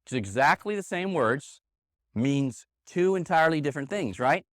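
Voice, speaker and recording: A man's voice: on the high side, lively intonation, normal speed, dry recording, studio quality. A man teaching a live sales seminar to a room of trainees, punchy and emphatic, hammering key points again and again. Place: meeting room with an audience. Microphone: handheld microphone.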